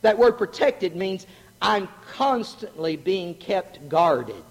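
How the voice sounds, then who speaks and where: A middle-aged man preaching a sermon, animated and joking, asking the congregation questions. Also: sits high, takes it slowly, a little hiss or hum. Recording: long hall reverb.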